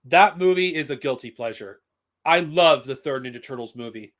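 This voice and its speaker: A man's voice: mid-range voice, lively intonation, moderate pace, a bit bright. Rambling, profane male streamer. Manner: rambling, blunt and profane, with frequent restarts. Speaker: streamer reviewing comics and films. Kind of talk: casual live-stream talk.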